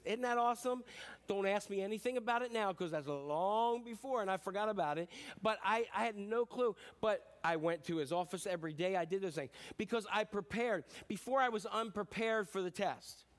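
A man's voice: high voice, moderate pace. A middle-aged man preaching a conversational sermon as a pastor, telling stories in a chatty, self-deprecating way with many fillers.

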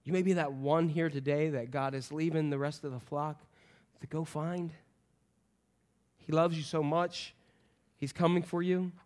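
A middle-aged man preaching a sermon as pastor, animated, swinging from loud calls to hushed, soft passages. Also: fairly high pitch, measured pace.

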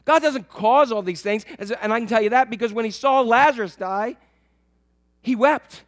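A man preaching a sermon to his church, swinging between loud emphatic lines and soft, low asides. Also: normal speed. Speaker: pastor.

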